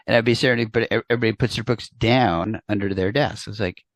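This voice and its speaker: A man from New York hosts a relaxed interview in a low, gravelly voice. He talks chattily, often restarting sentences with repeated words. The sound is dry and close. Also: fast, dry recording. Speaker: interview host. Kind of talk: casual interview chat.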